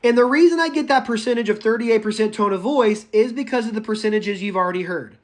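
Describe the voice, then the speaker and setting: A man's voice: high voice, quick pace. Chatty male public speaking teacher. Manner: chatty and animated, addresses students by name; goes off on tangents. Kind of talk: live class lecture.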